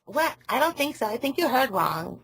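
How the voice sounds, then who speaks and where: A woman's voice: high-pitched, very animated, moderate pace, creaky, a bit bright, slightly rough. A woman on a phone call who rambles, loses her train of thought and laughs often. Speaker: caller.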